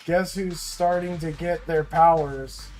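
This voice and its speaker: Excitable swearing male game streamer. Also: on the high side, takes it slowly, faint music behind. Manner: swings between grumbling and excited cheering, swears often. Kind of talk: live-streamed gaming chat.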